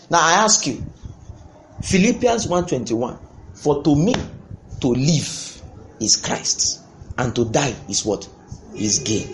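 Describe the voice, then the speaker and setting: A man preaching a sermon, impassioned, breaking into sudden loud bursts. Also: on the high side, slight background noise.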